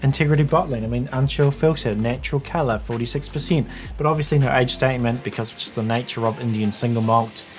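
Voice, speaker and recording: A man's voice: medium pitch, fast, hardly any pauses, soft background music. A man giving a casual whisky tasting review, chatting and thinking aloud as he tastes.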